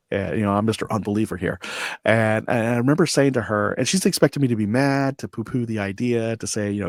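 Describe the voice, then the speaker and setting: A man in his forties telling a personal story as a podcast guest, animated and acting out quoted voices, laughing now and then. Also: on the low side, a little fast, dry recording, studio quality. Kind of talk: storytelling interview.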